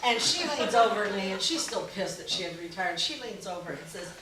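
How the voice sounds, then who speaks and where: A middle-aged woman comedian telling stand-up stories in an animated way, breaking into loud yelling impressions. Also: mid-range voice, fairly quick, noisy background. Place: small live music venue. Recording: echoey room from far off, audience laughter.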